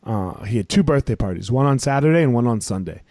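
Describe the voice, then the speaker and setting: A man hosting a podcast, chatting casually and telling stories in a loose, profane, animated way. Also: mid-range voice, quick pace, no echo, studio quality. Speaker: podcast host. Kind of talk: casual chat.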